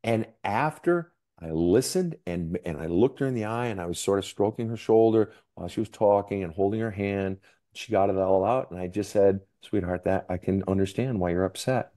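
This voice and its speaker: A man's voice: on the low side, normal speed, warm tone. A man, a counselor and author, speaking candidly as a podcast guest, emphatic and profane, his voice climbing when he gets worked up. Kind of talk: candid interview storytelling.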